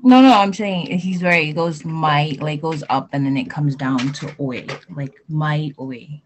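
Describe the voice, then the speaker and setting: An adult on a video call casually correcting pronunciation, hesitant and modeling words slowly. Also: mid-range voice, a little hiss or hum. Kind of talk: casual coaching in a class.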